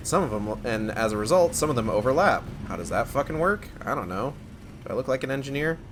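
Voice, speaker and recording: A man's voice: medium pitch, animated, quick pace, noisy background. A man giving casual, sarcastic commentary while playing a horror game, swearing often. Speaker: gamer. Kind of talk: let's play commentary.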